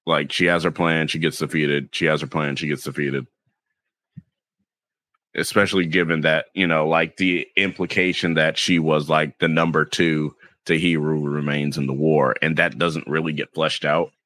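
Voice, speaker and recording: A man with a Southern US accent co-hosting a podcast, chatting casually and rambling as he dips into quick impressions. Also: very deep voice, level tone, bright, forceful tone, dry recording. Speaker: podcast co-host. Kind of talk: casual chat.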